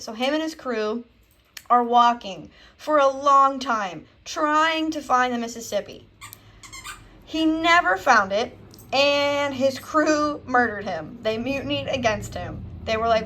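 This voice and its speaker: A woman's voice: a little high, unhurried, a bit bright. A young woman teacher giving a casual history lesson from home, acting out historical figures in a jokey voice. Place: home, with a dog nearby.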